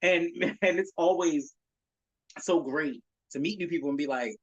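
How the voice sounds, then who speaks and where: Animated husky man podcasting solo. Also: on the high side, measured pace, dry recording, muffled recording. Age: 30s. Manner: animated, profane, laughing, acts out other people's reactions. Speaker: podcast host. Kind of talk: casual solo podcast talk.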